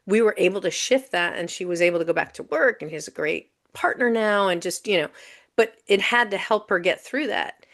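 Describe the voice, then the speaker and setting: A woman talks as a guest in a relaxed podcast interview. Her voice sits at a mid pitch. She tells stories in an animated, chatty way and fills her talk with "you know" and "um.". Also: a little fast. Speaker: guest coach. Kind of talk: casual storytelling in a podcast interview.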